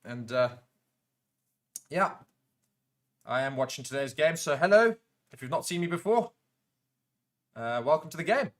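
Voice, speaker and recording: A South African man hosting a live rugby watchalong, chatting casually with viewers and breaking into excited play-by-play during big moments. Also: fairly high pitch, a little slow, long pauses. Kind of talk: casual live commentary while reading chat comments.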